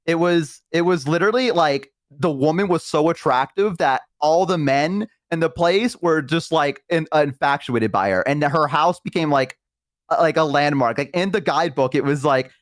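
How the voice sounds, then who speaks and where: Low-voiced woman streamer, chatty. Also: normal speed, dry recording, studio quality. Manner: rambling, laughing, many fillers and restarts. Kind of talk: casual chat stream.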